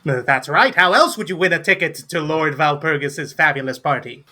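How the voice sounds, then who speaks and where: A man's voice: fairly high pitch, moderate pace, pushed and bright, a little hiss or hum. A man voicing a fussy gnome barkeep who runs a drinking tent and speaks in a mock-old-fashioned, showman-like way. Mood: salesy. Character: fussy, theatrical gnome barkeep, archaic talk.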